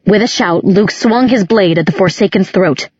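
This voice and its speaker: A woman reading a dark fantasy novel aloud as scripted storybook narration, in a measured, dramatic way. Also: medium pitch, slightly rough, dry recording. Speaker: audiobook narrator. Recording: dull lo-fi audiobook recording.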